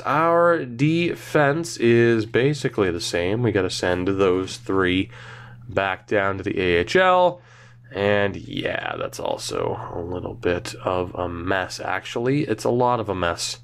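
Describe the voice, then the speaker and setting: A man's voice: fairly low pitch, creaky. A young man casually narrating a hockey video game, thinking aloud and rambling with self-mocking asides. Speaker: gaming channel host. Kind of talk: casual gameplay commentary.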